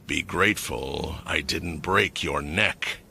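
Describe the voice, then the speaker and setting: A big, harsh expedition commander who barks stern orders, as a male narrator acts him out. His voice swings wide between shouting and a low, cold growl, in a fantasy story retelling. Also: lively intonation, normal speed, slight background noise. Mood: cold, menacing.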